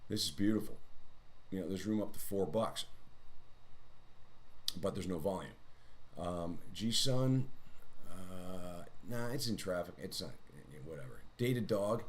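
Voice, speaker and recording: A man's voice: low-pitched, animated, a little slow, long pauses. A man streaming live trades, talking through his charts in a rambling, chatty way with self-mocking asides. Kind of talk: casual live-stream market commentary.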